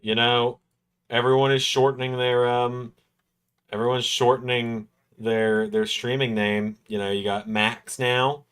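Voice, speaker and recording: A man's voice: medium pitch, little pitch movement, unhurried, a bit bright, smooth. Guy co-hosting a wrestling watch-along, everyday mid voice, dry little jokes. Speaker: co-host. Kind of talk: casual chat.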